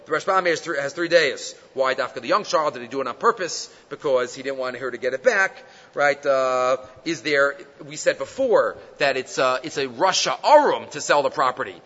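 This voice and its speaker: A man's voice: medium pitch, lively intonation, pushed and bright, long reverb tail, muffled recording. Man teaching a Talmud class. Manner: chants Hebrew and Aramaic text slowly, then explains in English; conversational, with fillers and rhetorical questions.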